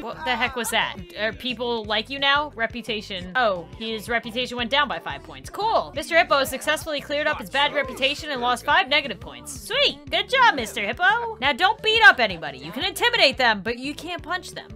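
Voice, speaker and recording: A young woman playing a life-sim game and commenting casually, excitable and giggly, often shrieking and laughing. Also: sits high. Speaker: gaming YouTuber. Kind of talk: let's play commentary.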